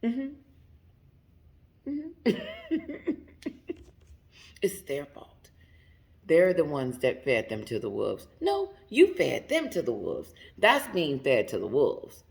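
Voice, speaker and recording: A woman's voice: sits low, huge pitch swings, slow, creaky, a little mellow. A woman giving casual commentary straight to her viewers, emphatic and laughing often. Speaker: commentary channel host.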